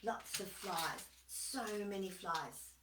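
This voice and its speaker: A woman's voice: lowish voice, slow pace, distant mic, background noise. A woman reading a children's story aloud expressively, asking her listeners questions along the way. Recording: echoey room, voice off-mic.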